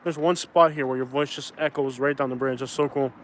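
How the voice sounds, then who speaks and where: A man's voice: medium pitch, fairly even intonation, fairly quick, heavy background noise. A man in his thirties chatting casually on a live stream outdoors by a bridge, rambling and arguing back at viewers. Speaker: vlogger doing a live stream.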